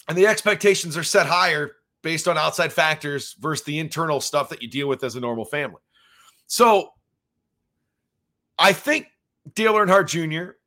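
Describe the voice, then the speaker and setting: A man's voice: a little high, animated, moderate pace, bright, forceful tone. A man hosting a solo podcast, talking casually and rambling with plenty of fillers as he shares his reactions as a father. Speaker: podcast host.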